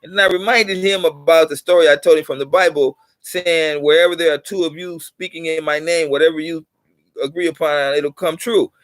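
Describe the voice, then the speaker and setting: A middle-aged man who hosts a channel lectures viewers in a loose, rambling monologue, repeating himself and growing lively to hammer points home. His voice is a bit high for a man and a little fast. The recording is close and dry, with no room echo.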